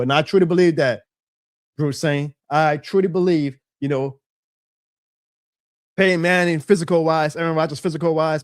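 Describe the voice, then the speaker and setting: A young man hosting a casual live fan show, excitable and reading chat comments aloud. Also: mid-range voice, dry recording, studio quality.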